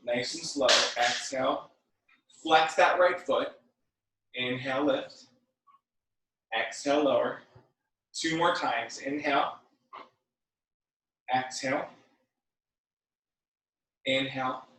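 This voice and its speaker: A man leading a guided workout class, giving calm breath cues with chatty, joking asides. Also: medium pitch, slow, long pauses. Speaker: fitness and yoga instructor. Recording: very echoey room, mic at a distance.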